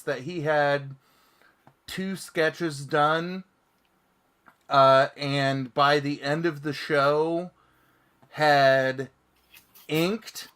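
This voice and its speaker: A man's voice: on the high side, steady tone, drawn-out words, pauses often, a bit bright, clear, resonant tone. A man hosting a casual comics chat show and reading viewer comments aloud. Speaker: podcast host.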